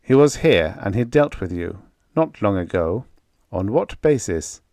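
A man's voice: fairly low pitch, sing-song, unhurried, dark tone, dry recording. A man doing a pushy, demanding Earthman. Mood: pressing. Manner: urgent, pressing questions.

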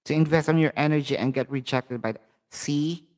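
A man's voice: a little high, a little fast, darkish tone. A man with a Filipino accent hosting a live tarot reading, speaking chatty and direct to his viewers. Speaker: tarot reader and channel host.

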